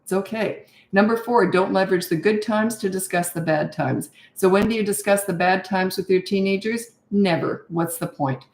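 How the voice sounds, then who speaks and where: A woman's voice: mid-range voice, normal speed, hardly any pauses, darkish tone, echoey room. A middle-aged woman coaching parents in a live Q&A, giving blunt, no-nonsense advice with rhetorical questions. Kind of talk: live Q&A, answering viewer questions.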